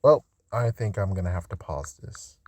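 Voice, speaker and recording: A man hosting a casual fan vlog. He rambles, corrects himself and swears freely, and his voice jumps high and loud when he rants. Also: animated, normal speed, slight background noise. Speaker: fan channel host.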